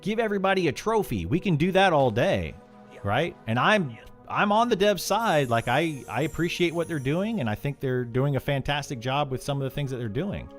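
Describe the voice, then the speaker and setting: A man's voice: a little high, animated, moderate pace, soft background music. A man live-streaming and answering chat, frank and opinionated, often restarting his sentences when heated. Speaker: game streamer.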